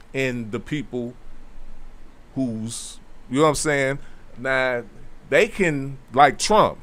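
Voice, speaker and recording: A man hosting a casual talk show, explaining a civics question slowly and with emphasis, repeating key phrases and adding conversational asides. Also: mid-range voice. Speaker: host.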